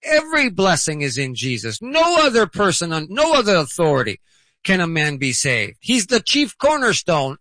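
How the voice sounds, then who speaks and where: A man's voice: sits high, wildly swooping pitch, normal speed, sharp tone, dry recording. A man hosting a radio program and preaching an emphatic sermon, exhorting listeners and repeating key phrases.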